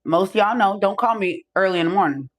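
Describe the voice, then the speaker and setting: Animated, profane middle-aged woman storyteller. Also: mid-range voice, fast talker. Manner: animated, profane, acts out the other voices in her stories. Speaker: podcast host. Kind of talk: casual storytelling monologue.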